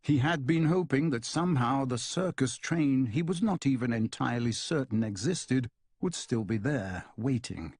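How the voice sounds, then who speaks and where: A man reading a novel aloud in a calm, measured narration. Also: medium pitch, breathy edge, dry recording, studio quality. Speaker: audiobook narrator. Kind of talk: scripted narration.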